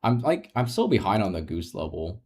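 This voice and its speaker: A man's voice: lowish voice, very animated, normal speed, a little mellow, slightly rough. Chatty emotional male streamer. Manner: rambling, laughs often, restarts sentences; openly emotional, reassuring chat. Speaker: game streamer. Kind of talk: casual live-stream chat.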